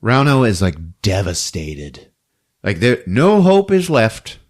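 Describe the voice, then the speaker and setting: A man hosting a podcast who recaps a movie in a casual, animated storytelling way. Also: on the low side, slow pace. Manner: animated storytelling, acting out scenes. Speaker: podcast host.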